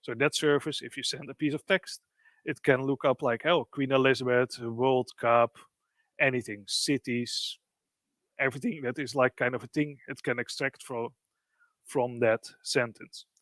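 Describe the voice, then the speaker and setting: A man's voice: mid-range voice, steady tone, measured pace, a bit bright, no room sound. Man walking through a tech demo. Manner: explanatory, loose phrasing with frequent "kind of". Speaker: presenter. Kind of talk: live software demo walkthrough.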